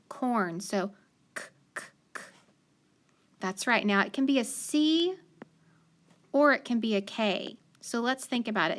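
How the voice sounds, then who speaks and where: A woman's voice: medium pitch, fairly bright tone. A woman teacher giving a phonics lesson to young learners, sounding out letters and praising often. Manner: patient, sounds out letters slowly, frequent praise.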